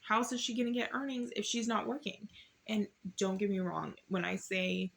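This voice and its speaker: A young woman with a slightly hoarse voice, casually talking through a Bible study at home, reading verses aloud and rambling between them. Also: medium pitch, normal speed. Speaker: YouTuber doing Bible study.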